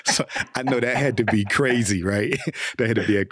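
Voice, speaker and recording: A man's voice: fairly low pitch, fairly quick, fairly bright tone, no room sound. A man hosting an interview, talking casually and hesitantly, often repeating words as he thinks. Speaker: host.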